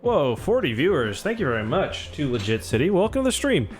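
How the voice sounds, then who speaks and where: A man's voice: on the high side, big pitch swings, fairly quick, faint music behind. A young man casually chatting while livestreaming a city-building game, rambling and thanking viewers as he goes. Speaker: streamer.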